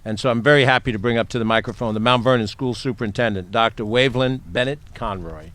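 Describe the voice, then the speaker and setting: A public official giving a chatty, anecdotal ceremony speech, full of small hesitations. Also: male voice, medium pitch, fast, fairly bright tone. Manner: chatty storytelling with many "uh" fillers.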